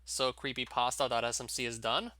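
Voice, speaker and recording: A man's voice: mid-range voice, little pitch movement, a little fast, pushed and bright, dry recording. A young man giving casual, wry gameplay commentary, often laughing and reading on-screen text aloud. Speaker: let's play commentator.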